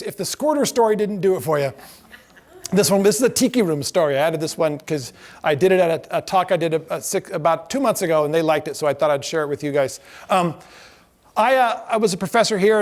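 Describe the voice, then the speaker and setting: A middle-aged man delivers a lecture as a string of anecdotes, his voice sitting notably high for a man. He is animated, slips into the voices of the people he quotes, and laughs often as he goes. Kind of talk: storytelling lecture.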